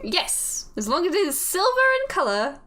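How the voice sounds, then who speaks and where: A woman voicing a smug, scheming British gentleman with a put-on British accent in a breezy, falsely reassuring tone. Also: high voice, big pitch swings, normal speed, a little hiss or hum, pitched above the performer's own voice. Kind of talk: game master voicing a character.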